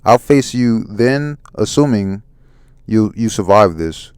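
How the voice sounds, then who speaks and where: Cold villain captain, read by a man, slow and menacing, smooth voice, dry mic. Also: fairly low pitch, expressive, darkish tone, dry recording. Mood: menacing calm.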